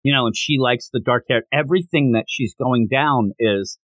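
Co-hosting a casual manga review podcast, this man speaks in a mid-range voice at a moderate pace, with no echo. He's an animated storyteller, relishing scene retellings and voicing the characters' lines.

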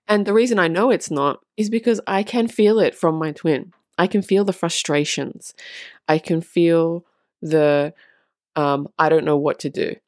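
A woman with a fairly low voice talks straight to her viewers in a casual, earnest monologue. She leans on repetition to drive her points home and drops a swear word now and then. The sound is dry and close, with no room echo. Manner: earnest and emphatic, repeats phrases for stress. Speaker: spiritual vlogger on twin flames.

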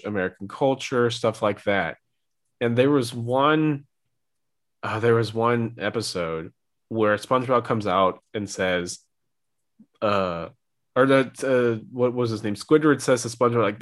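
A man's voice: mid-range voice, fairly bright tone. A young man co-hosting a podcast, talking casually and rambling with lots of filler words. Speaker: podcast co-host. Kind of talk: casual chat.

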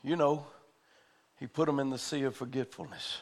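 A man's voice: mid-range voice, steady tone, normal speed, creaky, long pauses. A man preaching a sermon in a church, telling a story with fervent conviction.

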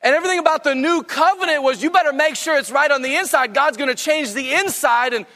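A man preaches a sermon in a very high, bright voice. He reads scripture aloud emphatically and keeps urging his listeners to underline the key phrases. His voice carries a long reverb from a large church hall. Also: fast.

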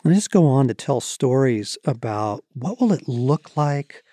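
A man's voice: mid-range voice, lively intonation, a little slow, warm tone, no room sound, studio quality. A man reading aloud from his own book, reflective and reverent, with casual asides in between.

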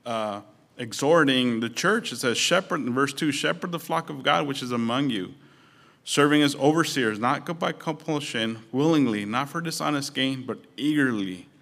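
A man's voice: mid-range voice, moderate pace, creaky, fairly bright tone. A man preaching a sermon as pastor, conversational and storytelling with touches of humor.

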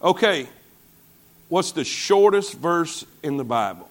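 Pastor, male, high voice, sermon delivery with congregation asides. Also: big pitch swings, a little slow, slight background noise. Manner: preaching with call-and-response asides to the congregation.

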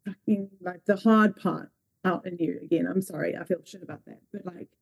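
A woman's voice: on the low side, steady tone, brisk, gravelly, breathy edge. Candid, blunt woman on a call. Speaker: call participant. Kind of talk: casual conversation. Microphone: video call.

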